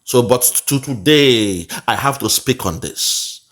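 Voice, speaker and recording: A man's voice: medium pitch, lively intonation, unhurried, a bit bright. A man with a Nigerian accent giving heated, mocking commentary on a video clip, slipping into pidgin. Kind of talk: reaction commentary.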